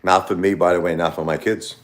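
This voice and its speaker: A middle-aged man hosting a livestream, talking unscripted in a quiet, halting way and often repeating himself. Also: sits low, steady tone, a little hiss or hum. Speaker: livestream host. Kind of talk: unscripted personal monologue.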